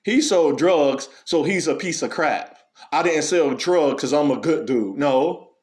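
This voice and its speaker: A man, delivering an unscripted monologue in a preachy way, full of rhetorical questions and animated storytelling. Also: fairly high pitch, measured pace. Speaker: commentary channel host.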